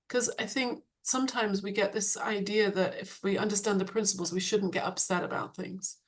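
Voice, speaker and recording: A woman's voice: medium pitch, moderate pace, hardly any pauses. Laughing woman coach on a video call. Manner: frequent light laughter, searching restarts. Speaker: coach and author, webinar guest. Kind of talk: reflective conversational talk.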